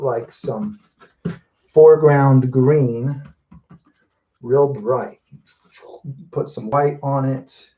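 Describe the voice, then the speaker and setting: A man's voice: mid-range voice, dark tone, dull audio. A man chatting casually as he paints live, thinking aloud and correcting himself as he goes. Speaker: mural painter.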